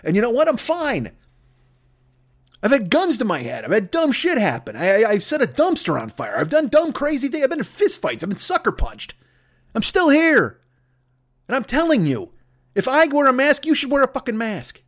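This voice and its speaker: A man's voice: very high-pitched, wildly swooping pitch, moderate pace. A man hosting a podcast, delivering a profane, comedic rant monologue. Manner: profane, ranting, swears constantly. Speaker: podcast host.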